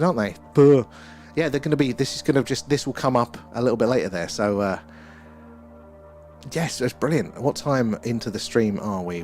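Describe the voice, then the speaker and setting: A man hosting a night-time live stream outdoors, rambling excitedly and chatting with viewers. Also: fairly low pitch. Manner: excitable, rambling, talks to chat viewers by name. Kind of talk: live-stream chat and sky-watch commentary.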